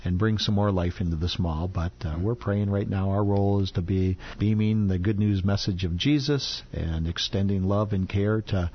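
A man's voice: lowish voice, normal speed, hardly any pauses, slightly rough. A man who leads a ministry talks about its work and its hopes in a casual talk-show conversation, quoting other people as he goes. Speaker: guest ministry leader. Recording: dull lo-fi sound.

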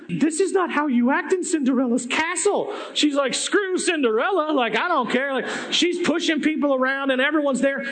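A man preaching a sermon, telling stories in an animated, conversational way that swings between loud and hushed. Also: very high voice. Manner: conversational, with asides to the audience.

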